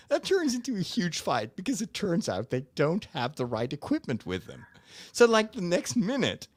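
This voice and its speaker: A priest hosting a casual chat, telling a story animatedly with laughs and restarts. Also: male voice, sits high, wildly swooping pitch, normal speed, no echo. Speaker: priest and host.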